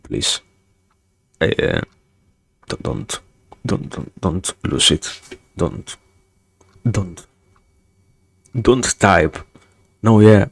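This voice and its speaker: A man with a very deep, gravelly voice chats on a live stream. He talks slowly and stumbles over repeated words, though his pitch swings widely. The sound is close and dry. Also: no room sound. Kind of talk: casual live-stream chat. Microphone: streaming mic.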